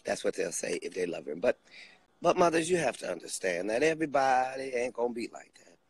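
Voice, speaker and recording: A man comedian delivering a comic rant, swinging between loud bursts and low asides with preacher-like repeated appeals. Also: sing-song, a little fast, slightly rough, no room sound.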